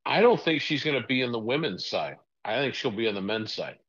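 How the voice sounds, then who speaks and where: Low gravelly guy chatting on a podcast, husky, dull lo-fi sound. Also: very animated, brisk, a bit bright. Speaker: podcast co-host. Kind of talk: casual chat.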